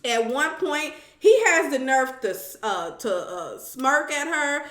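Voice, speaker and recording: Chatty woman recapping reality tv, bright sharp voice, echoey room. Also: high voice, takes it slowly. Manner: animated storytelling, acts out quotes, sassy asides. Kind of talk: casual chat recap.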